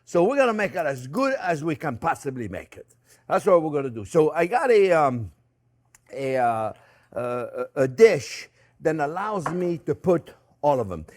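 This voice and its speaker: A man's voice: on the high side, big pitch swings, normal speed. An older man with a French accent, hosting a casual cooking demonstration in a kitchen, chatty and joking with lots of fillers and restarts. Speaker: chef and host. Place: home kitchen.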